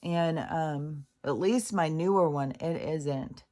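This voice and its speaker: Her voice is low and darkish, and she speaks slowly. This woman is a vlogger talking to the camera near the couch in her living room late at night, rambling restlessly, swearing freely, laughing at herself, and occasionally whispering.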